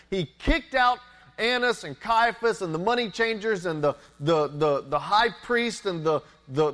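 A man's voice: high voice, fairly bright tone. A man preaching a sermon as a pastor, earnest, repeating words and asking rhetorical questions.

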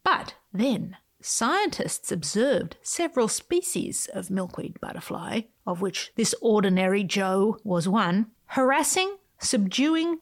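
A woman hosting her own podcast, reading a playful, whimsical script with sudden swoops in pitch. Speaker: podcast host.

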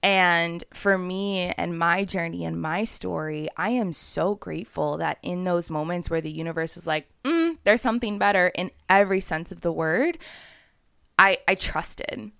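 A young woman hosts a spiritual podcast in an earnest, conversational monologue, now and then acting out voices in her head. Her voice sits a little low, with a gravelly fry under a smooth, resonant tone. The sound is dry and close. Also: normal speed, fairly bright tone, no echo. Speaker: podcast host.

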